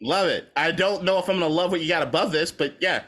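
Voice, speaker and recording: Bright-voiced man ranting about movies. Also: on the high side, quick pace. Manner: profane, rambling opinions with laughs. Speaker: podcast co-host. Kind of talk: casual movie debate.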